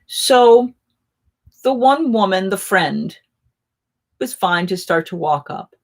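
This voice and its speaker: A woman hosting a casual live chat, telling rambling, animated anecdotes. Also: medium pitch, slow, pauses often.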